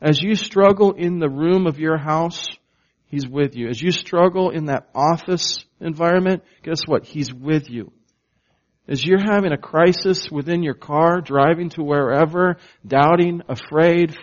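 A man preaching a sermon at an unhurried, deliberate pace, leaning hard on key words and pausing for the congregation. His voice sits a little high for a man, and the recording sounds dull and lo-fi. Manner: slow, emphatic preaching with call-and-response questions. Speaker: pastor.

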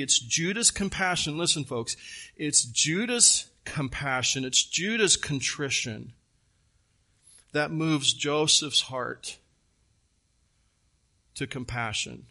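Male pastor, sermon delivery; earnest, animated storyteller with a bright tone and unhurried pace. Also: fairly high pitch.

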